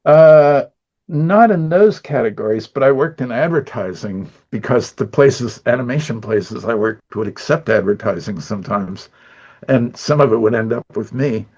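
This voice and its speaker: A man's voice: medium pitch, animated, moderate pace, a little mellow, lo-fi sound. An older man who is an animator, chatting as an interview guest, telling rambling stories with lots of chuckles. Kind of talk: casual storytelling chat.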